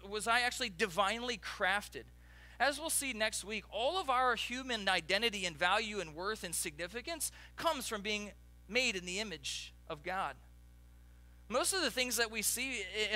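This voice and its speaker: A male pastor delivers a morning sermon in a loose, conversational way, stopping to restart phrases and talk straight to the congregation. His voice sits high for a man and sounds sharp and very bright. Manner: conversational, with many restarts and asides.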